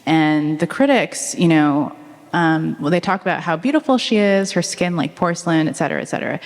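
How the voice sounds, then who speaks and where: A woman author answering questions onstage at a public talk, telling stories in a chatty, animated way with frequent ums. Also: lowish voice, normal speed. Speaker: author guest at a book talk. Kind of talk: conversational onstage interview. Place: public talk at a museum event. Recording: echoey hall reverb.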